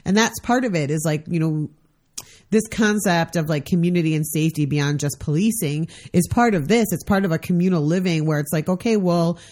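A woman co-hosts a casual podcast, laying out her points earnestly with some dry humor. Her voice sits fairly low for a woman. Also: a little fast, a little mellow. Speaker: podcast co-host.

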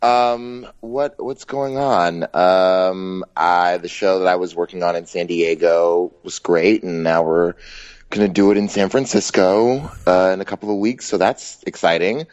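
A man's voice: low voice, measured pace, darkish tone. A man, an actor and guest, chatting casually with playful, wry quips. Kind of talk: casual chat. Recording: dull, lo-fi sound.

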